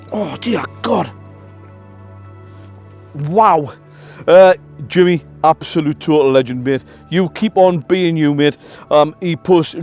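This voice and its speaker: Upbeat middle-aged vlogger, a touch high-pitched, friendly slangy campfire chat. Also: male voice. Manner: chatty, upbeat, full of slang and shout-outs. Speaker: camping vlogger. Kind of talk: casual chat to camera by a campfire. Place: outdoors at a campfire at night.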